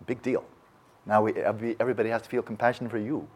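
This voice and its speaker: A man with a fairly low voice gives a reflective meditation teaching. He talks thoughtfully, often breaking off and restarting his sentences as he works through an idea. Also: level tone, very fast, darkish tone. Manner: acts out quoted voices. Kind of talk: reflective dharma talk.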